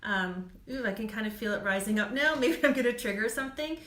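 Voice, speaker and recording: A woman's voice: fairly high pitch, fairly quick, fairly bright tone, a little hiss or hum. A woman doing live card readings for viewers, chatty and reassuring, laughing often and filling gaps with "um". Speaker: psychic reader. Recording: echoey room.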